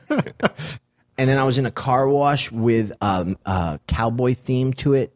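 Animated storytelling man, dry sound. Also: medium pitch, unhurried, dry recording. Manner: animated storyteller, swears, acts out voices. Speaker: guest. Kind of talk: casual storytelling chat.

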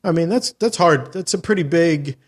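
A man chatting casually, animated and profane, acting out mock pitches in a raised voice. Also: moderate pace, husky. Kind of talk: casual chat.

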